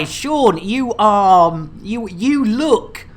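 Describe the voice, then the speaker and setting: Speaking slowly, this thirty-something woman has a fairly low pitch and lively intonation as she streams a game. She rambles and jokes through casual livestream chat, tripping over words and using many fillers.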